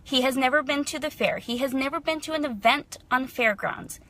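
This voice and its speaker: Bright-voiced mom venting on a vlog. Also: female voice, high-pitched, fairly quick. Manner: chatty, heated, frustrated, lots of fillers. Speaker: mother, vlogger. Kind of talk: casual vlog monologue.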